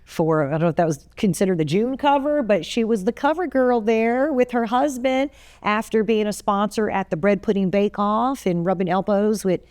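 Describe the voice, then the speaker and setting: A woman hosting an interview, warm and affectionate, with frequent yeahs. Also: mid-range voice, moderate pace, dry recording, studio quality. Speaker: host. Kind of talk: interview talk show.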